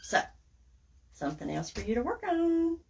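Very animated and creaky, a high-pitched woman with a Southern accent talks at normal speed while hosting a craft livestream. She works on her project, reads comments, and chats folksily with viewers she calls guys and y'all.

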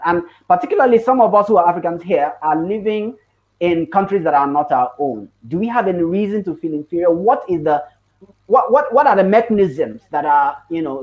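A man with a fairly high voice moderates a panel discussion and hands the floor to each speaker in turn. He fires off questions in quick strings and laughs easily. The audio is slightly dull, coming through a video call.

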